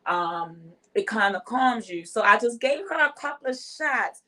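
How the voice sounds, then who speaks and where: A woman, an herbalist guest on a podcast, explaining her remedies with many fillers and soft laughs. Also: a little high, animated, normal speed. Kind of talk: casual chat, explaining remedies.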